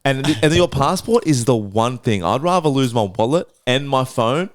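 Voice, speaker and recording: A man's voice: mid-range voice, normal speed, no echo, studio quality. A young man hosting a podcast, telling a story casually, swearing freely and acting out the quotes. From Australia. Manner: swears freely, animated retelling with voiced quotes. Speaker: podcast host.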